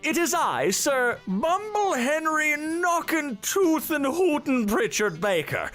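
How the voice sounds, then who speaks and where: A man putting on a pompous, overly formal posh British gentleman with a put-on accent. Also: extremely high pitch, sing-song, slow pace, faint music behind, pitched above the performer's own voice, full character voice.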